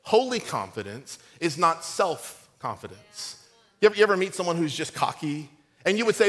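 A middle-aged man preaching a sermon, lively and conversational, acting out quotes in his stories, with a cold. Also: a little high, normal speed, big-room sound, soft background music. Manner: storytelling, animated and conversational, acts out quotes. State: has a cold. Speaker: pastor.

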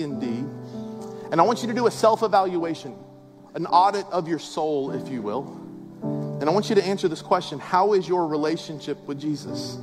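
Male pastor, high voice, conversational but emphatic sermon delivery, big echoing church hall. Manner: conversational, emphatic preaching with rhetorical questions. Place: large church auditorium. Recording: long hall reverb with faint music.

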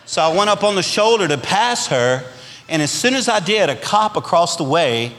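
A man with a Southern US accent preaching a storytelling revival sermon, swinging between loud punches and quiet asides. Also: sits high, sing-song, moderate pace, big-room sound. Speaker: pastor.

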